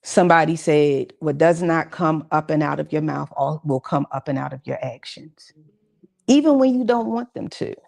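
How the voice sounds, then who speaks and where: A woman's voice: on the low side, creaky, darkish tone. A woman giving a conversational, encouraging mental health talk at a church session, with casual asides to the audience. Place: church gathering with audience responses.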